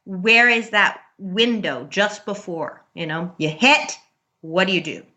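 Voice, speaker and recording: A woman's voice: medium pitch, animated, a little slow, bright, forceful tone. A woman guest on a podcast, talking about parenting in a chatty, earnest way and laughing often. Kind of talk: casual interview talk.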